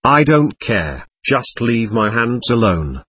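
A man's voice: mid-range voice, sing-song, takes it slowly, a bit bright, slightly rough, no room sound, studio quality, full character voice. A man reading aloud the lines of a stubborn, hostile male spirit from a séance record, defiant and threatening.

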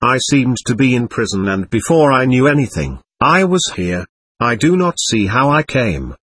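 A man reading aloud as an indignant, bewildered ghost who denies being dead, in a husky voice. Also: medium pitch, sing-song, normal speed, a bit bright, no echo. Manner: defiant, suspicious and bewildered. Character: indignant confused ghost of a dead adult, hostile.

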